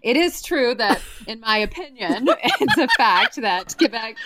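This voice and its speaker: A woman's voice: fairly high pitch, unhurried, noisy background. A woman with a Southern American accent, a guest author chatting casually and laughing as she tells stories. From Southern United States. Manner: chatty, laughing, animated storyteller. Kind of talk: casual podcast chat.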